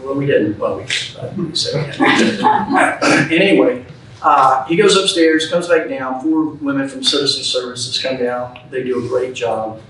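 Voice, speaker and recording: A man's voice: medium pitch, normal speed, a bit bright, a little hiss or hum. A man giving a talk to a club audience, telling a story in a folksy, plainspoken way and acting out the quoted lines. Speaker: guest speaker. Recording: echoey room, speaker far from mic.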